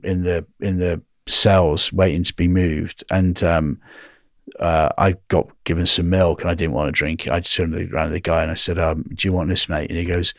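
A man's voice: low-pitched, dry recording, studio quality. A middle-aged man in a casual interview, telling stories animatedly and tagging lines with "right?". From England. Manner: animated, recounts dialogue, frequent "right?" tag. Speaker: guest.

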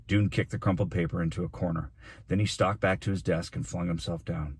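A man, a teacher, reading a children's novel aloud in steady storytelling narration. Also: deep voice, fairly quick, breathy edge.

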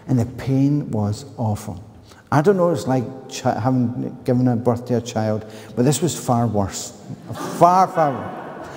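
Man, Glaswegian accent, sermon, mellow voice, long church reverb. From Scotland. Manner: animated storytelling, bursts into loud higher-pitched retorts. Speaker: preacher. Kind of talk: sermon with personal story.

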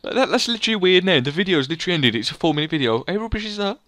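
A young man's voice sits high and races along as he hosts a casual let's play on his gaming channel. Excitable and joking, he says "literally" again and again.

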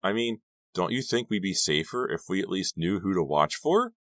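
A man's voice: sits low, animated, normal speed, fairly bright tone, no room sound, studio quality, pitched above the performer's own voice. A man voicing a blunt, dramatic teenage girl who snaps and jokes darkly. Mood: insistent.

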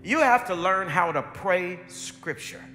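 Middle-aged man, high and bright pastor voice, dynamic repetitive sermon in a reverberant church hall. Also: lively intonation, unhurried, soft background music. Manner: preaching with repetition, swinging between hushed and loud.

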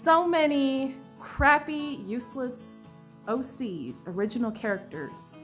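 A woman in her twenties speaks in a high voice at a slow pace, with faint music in the background. She's casually vlogging about her own writing in a confessional way, dramatic and self-mocking, laughing often and breaking into mock-anguished outbursts.

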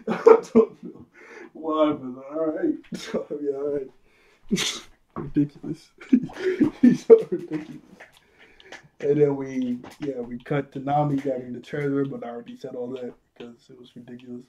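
A man's voice: medium pitch, fairly even intonation, measured pace, long pauses, dark tone, a little hiss or hum. A man casually recapping an anime episode, chuckling often and a bit out of breath, with a loose, apologetic way of talking. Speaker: anime reviewer.

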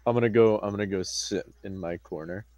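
Young man, lowish voice, eager joking tabletop player, dry close recording. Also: fairly quick, a little mellow, dry recording. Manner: playful, eager banter. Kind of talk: casual tabletop play.

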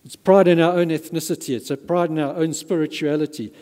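A man's voice: fairly high pitch, steady tone, a little fast, dark tone. A man preaching a sermon as pastor, emphatic and given to repeating words for stress. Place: church hall. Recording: reverberant church hall.

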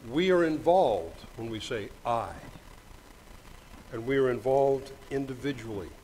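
An older man preaches a Sunday sermon from a church microphone. His voice sits at a middle pitch, and his talk is folksy, full of small jokes. When he reads scripture he slows right down, with a faint hum underneath. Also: lively intonation, a little mellow, rough recording. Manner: folksy, joking asides, reads scripture slowly. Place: church sanctuary. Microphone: microphone with monitor.

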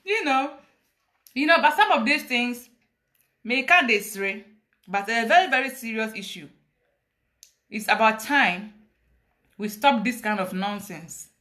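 This Ghanaian woman's voice is a little high, bright, forceful and expressive, delivered at a measured pace with many pauses. Confessing on a social media live stream, she preaches dramatically and tells laughing stories, switching between English and Twi.

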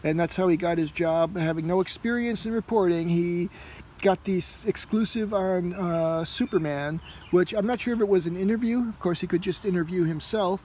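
Male comic reviewer, high-ish voice, casual and meandering, filler-heavy delivery. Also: moderate pace, darkish tone, a little hiss or hum, rough recording. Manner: rambling, heavy on fillers like "you know" and "uh".

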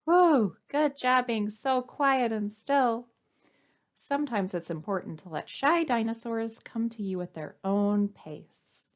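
Lively sing-song woman reading to children. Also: a little high, slow, muffled recording. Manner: animated, sing-song, coaxing. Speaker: children's librarian. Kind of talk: storytime read-aloud.

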